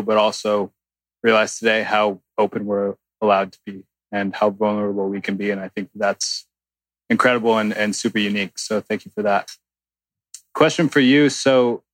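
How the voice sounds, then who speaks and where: A man's voice: lowish voice, fairly bright tone, dry recording, low-quality recording. A man in the audience who earnestly thanks the room before asking his question. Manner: earnest, grateful. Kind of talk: question from the floor.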